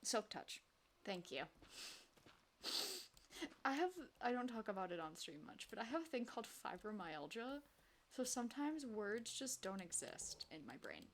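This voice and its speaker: A woman's voice: mid-range voice, big pitch swings, normal speed, long pauses, slight background noise. Chatty woman streamer talking to herself. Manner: chatty, talks to herself, sing-song and exclaiming. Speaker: streamer playing a block-building game. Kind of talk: casual live-stream gameplay chat.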